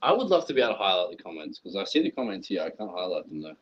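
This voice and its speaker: A man's voice: deep voice, very animated, rapid-fire, husky. A man co-hosting a casual livestream chat, joking and swearing freely. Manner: joking, swears freely, slips into silly put-on accents. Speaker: livestream co-host. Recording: dull lo-fi stream audio.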